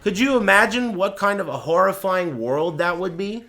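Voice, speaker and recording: A male streamer talking to his chat through a desk mic, animated and profane. His voice sits a little high and leaps around, and it has a bright, sharp edge as he mocks and jokes. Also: normal speed. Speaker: streamer reacting to a tournament. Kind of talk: casual livestream rant.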